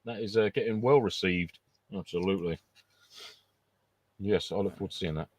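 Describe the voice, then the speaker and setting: A man's voice: low voice, normal speed, a loud crowd. A man co-hosting a podcast, trading jokey, matey banter. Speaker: podcast co-host.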